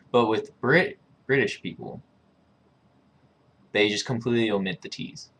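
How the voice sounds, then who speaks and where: A man's voice: on the low side, fairly bright tone, a little hiss or hum. A man thinking aloud casually, musing and repeating words over and over to test how he pronounces them. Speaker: video creator.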